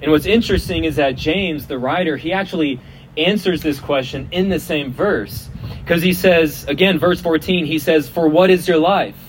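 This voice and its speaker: Male preacher, slightly high voice, loose joking outdoor sermon, faint hum and vehicles behind. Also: moderate pace, low-quality recording. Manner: casual and joking, repeats and restarts words. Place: outdoors at a festival.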